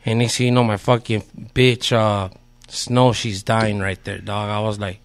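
A man's voice: lowish voice, little pitch movement, moderate pace. A man, a podcast guest telling a story in a laid-back, slangy way with heavy swearing. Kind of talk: casual storytelling.

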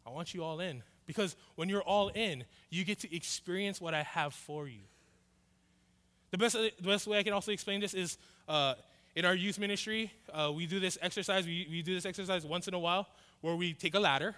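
A man's voice: on the high side, sharp tone, clean tone. A male pastor, telling a story in a sermon and acting out both sides of the dialogue. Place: church hall. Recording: reverberant church hall.

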